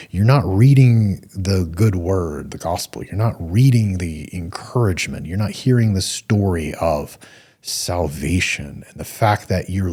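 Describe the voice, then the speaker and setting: A middle-aged man hosts a solo talk-show podcast in a low, darkish, husky voice. He speaks earnestly in a coaching way, repeating points for emphasis.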